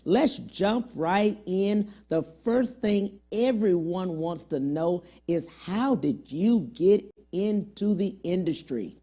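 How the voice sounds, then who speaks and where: A woman's voice: on the low side, expressive, slow, few pauses, mellow. A woman hosting an interview show, affirming and encouraging her guest. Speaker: show host.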